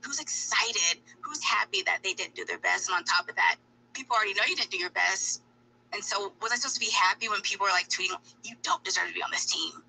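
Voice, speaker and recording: A woman athlete giving candid, animated interview answers, acting out what others said. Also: medium pitch, quick pace, vocal fry, a little hiss or hum, rough recording.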